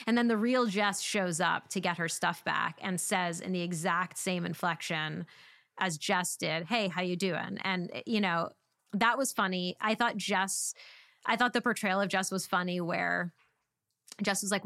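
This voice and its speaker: A woman's voice: lowish voice, fairly bright tone, no room sound, studio quality. A woman in casual conversation, reviewing a film with lots of "like" fillers. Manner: chatty, frequent "like" fillers. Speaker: podcast co-host.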